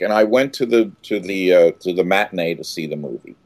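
An older man telling a story as an interview guest, full of halting restarts and loud acted outbursts. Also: deep voice, no echo.

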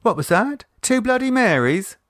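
A man voicing a nervous, chatty working-class woman who talks in a halting, flustered way. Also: mid-range voice, sing-song, a bit bright, no room sound, studio quality. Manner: flustered, halting, says innit.

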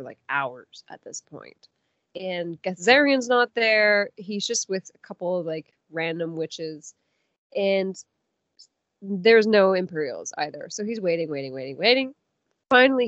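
A woman co-hosting a podcast, chatting casually and retelling a story in an animated way, full of "like"s. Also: lowish voice, no echo. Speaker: podcast co-host. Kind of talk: casual chat recapping a show. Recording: dull, lo-fi dry sound.

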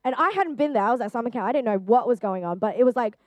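A woman's voice: fairly high pitch, lively intonation, very fast, dry recording, muffled recording. Earnest young woman, dry close sound. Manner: earnest, chatty, with frequent fillers. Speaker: youth speaker. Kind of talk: personal testimony talk.

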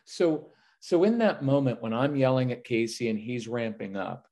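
Here a medium-pitched man at an ordinary pace guests on a casual podcast about parenting. Energetically, he acts out what he says to his kids, taking both the parent's and the child's lines.

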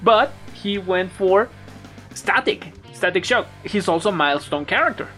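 A man's voice: sits high, expressive, normal speed, sharp tone, faint music behind. A man, co-hosting a casual comics podcast and finishing his partner's sentences. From Mexico. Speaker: podcast co-host. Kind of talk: casual chat.

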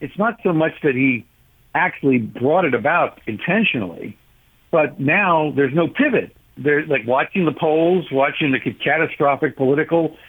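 A man calling in to a talk radio show, arguing forcefully and sardonically about policy. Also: a little high, slightly rough. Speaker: caller, policy advocate. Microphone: telephone. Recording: tinny phone line.

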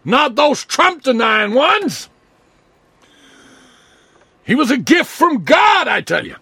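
A man playing a ranting conservative neighbor who shouts and sings in outrage. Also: very high voice, big pitch swings, slow pace, vocal fry, breathy edge, dry recording, pitched above the performer's own voice, exaggerated voice. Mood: outraged. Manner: shouting, outraged, singing snatches of song. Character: ranting flag-waving conservative neighbor, male.

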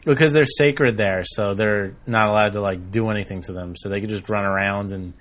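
A man's voice: on the low side, steady tone, a little fast, fairly bright tone. A man hosting a casual comedy podcast, joking around and laughing often. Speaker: podcast host.

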